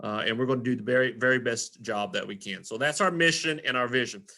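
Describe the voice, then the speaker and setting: A man's voice: mid-range voice, quick pace, pushed and bright. Earnest man addressing parents. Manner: earnest, repetitive, self-correcting. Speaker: elementary school principal. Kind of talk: recorded presentation to parents.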